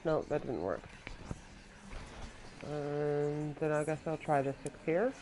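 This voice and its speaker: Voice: mid-range voice, slow, noisy background. A gamer giving casual commentary while solving puzzles, muttering with wry asides. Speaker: let's play gamer.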